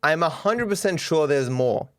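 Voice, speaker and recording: A man's voice: on the high side, animated, moderate pace. A man in his twenties with an Australian accent, casually commenting on fan memes with wry, self-mocking humor and frequent chuckles. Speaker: streamer.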